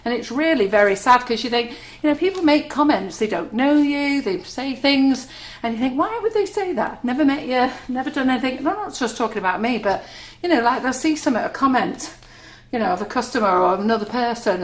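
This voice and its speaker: Woman, cake decorating host, chatty and self-mocking, echoey kitchen. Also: a little high. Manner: chatty, giggly, self-deprecating. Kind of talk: live cooking demonstration chat. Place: kitchen studio. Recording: echoey room, faint noise.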